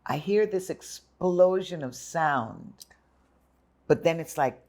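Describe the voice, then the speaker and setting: Older woman, slow animated storyteller. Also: low-pitched. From Jamaica and United States. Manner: animated storyteller, acts out voices. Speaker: guest. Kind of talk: interview, storytelling.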